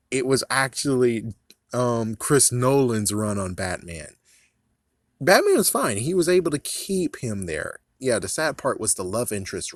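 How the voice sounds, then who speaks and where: A man's voice: medium pitch, dry recording, studio quality. A man in casual movie commentary, rambling, swearing and laughing at his own jokes. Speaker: vlogger.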